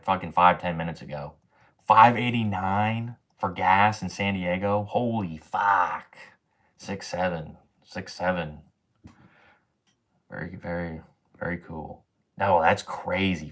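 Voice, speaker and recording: A man's voice: low-pitched, fairly bright tone. A man in his twenties hosting a casual livestream, talking to chat in a slangy, profane way and tagging sentences with bro and man. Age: 20s. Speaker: livestream host.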